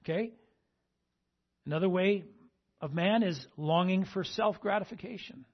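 A man's voice: high-pitched, a little slow, slightly rough, dull audio. A male pastor preaching a sermon and asking the congregation "amen?" between points. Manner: call-and-response, repeating "amen?" to the congregation.

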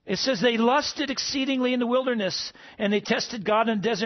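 A man's voice: very high voice, brisk, hardly any pauses, muffled recording. A man preaching a sermon as pastor, calling out to the congregation with asides. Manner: preaching with call-and-response asides.

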